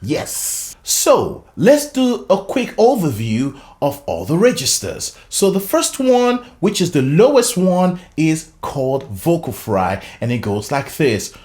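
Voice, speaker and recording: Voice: mid-range voice, very animated, slow pace, few pauses, darkish tone. Vocal coach voice jumping all over the place, keeps saying okay, sings little demos. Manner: explains with frequent "okay?" check-ins and chuckles; breaks into short sung demonstrations. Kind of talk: animated singing lesson.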